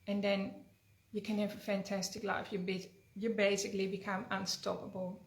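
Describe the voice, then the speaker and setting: A woman healer speaking in an earnest, conversational teaching manner, weaving in a fable. Her voice sits at a middle pitch. The recording has a roomy echo. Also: little pitch movement, normal speed. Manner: earnest, conversational, frequent tag questions. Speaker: energy healer. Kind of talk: teaching talk with storytelling. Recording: echoey room.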